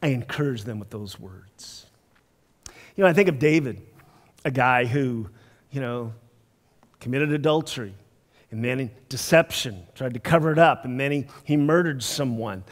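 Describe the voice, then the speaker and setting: Pastor preaching in a reverberant church. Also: male voice, mid-range voice, lively intonation, normal speed, long pauses. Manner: conversational, laughs often, drops soft for emphasis. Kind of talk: storytelling sermon. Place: church sanctuary. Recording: long church hall reverb.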